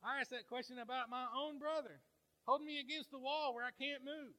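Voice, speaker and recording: Bright-voiced man preaching a sermon. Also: very high-pitched, steady tone, a little fast, low-quality recording. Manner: conversational preaching, folksy asides to the congregation. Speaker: pastor.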